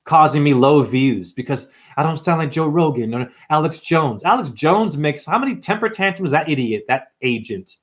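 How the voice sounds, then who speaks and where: A man's voice: on the high side, lively intonation. Brash, profane man livestreaming. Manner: profane, brash, calls viewers honey and dumbass; jumps between topics, quick asides. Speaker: livestream host. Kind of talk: rambling livestream talk to chat.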